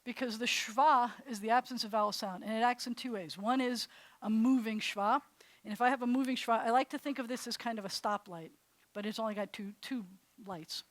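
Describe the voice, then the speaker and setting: A woman rabbi teaching a live class, chatty and animated, laughing at herself as she demonstrates sounds. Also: on the high side, fairly quick, no echo. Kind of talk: classroom lesson. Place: congregation classroom.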